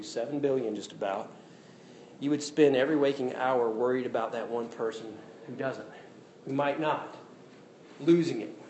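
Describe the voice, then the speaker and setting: A man preaching a sermon in an animated, jokey way, acting out quotes. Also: mid-range voice. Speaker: pastor. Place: church hall. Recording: echoey hall with faint room noise.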